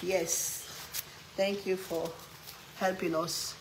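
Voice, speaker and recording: A woman's voice: mid-range voice, fairly even intonation, takes it slowly, noisy background. A woman from Africa with an African English accent, hosting a casual cooking vlog, chatting playfully while reading viewer comments and teasing her audience.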